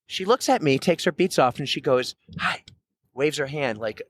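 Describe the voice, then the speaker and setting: A man from New Hampshire, a podcast co-host telling a story in casual chat, loud and animated, acting out quoted voices. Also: on the high side, normal speed, dry recording. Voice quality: loud, carrying voice.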